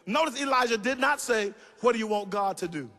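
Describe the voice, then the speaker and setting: A man preaching in a church sanctuary, his very high voice gravelly and husky as he shouts and sings out his lines. He calls on the congregation to answer him, and his voice rings through a long hall reverb. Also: expressive, a little fast. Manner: emphatic, rising into shouted sing-song cadences; calls for audience responses. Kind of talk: sermon.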